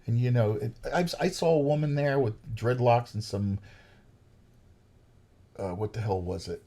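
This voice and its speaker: A man's voice: mid-range voice, normal speed, dark tone. A man, a podcast guest telling stories in a profane, ranting way. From New York. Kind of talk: storytelling chat.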